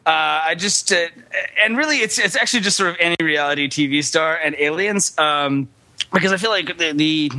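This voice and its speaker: A man co-hosting a casual podcast and making wry, deadpan jokes. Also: fairly high pitch, brisk, no echo, poor audio. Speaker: podcast co-host.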